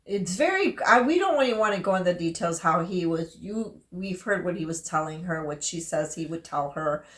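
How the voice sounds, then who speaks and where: A woman's voice: on the low side, lively intonation, moderate pace, a bit bright. A woman co-hosting a casual book discussion, speaking frankly and emphatically as a mother and often talking over her co-host. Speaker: podcast co-host. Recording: roomy echo.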